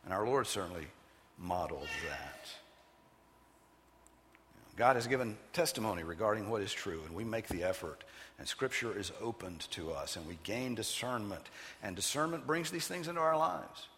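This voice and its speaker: Man, preacher, expository sermon, emphatic measured cadence, forceful bright tone, long hall reverb. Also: on the low side, animated, slight background noise.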